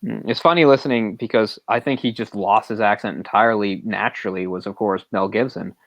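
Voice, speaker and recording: A man co-hosts a casual movie podcast, rambling and sharing strong opinions while frequently chuckling. He speaks briskly in a lowish voice with a fairly bright tone, and there's no echo.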